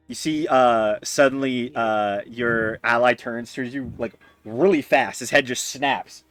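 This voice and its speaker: A man narrating as game master, pausing often with fillers. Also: medium pitch, fairly bright tone, no echo, faint music behind. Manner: hesitant, many fillers.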